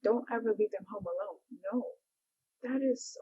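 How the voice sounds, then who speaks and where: Young woman, husky dark tone, exclaims often, drops to whispers. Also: mid-range voice, moderate pace. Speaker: YouTuber reacting to a video. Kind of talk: emotional reaction commentary. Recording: dull lo-fi recording.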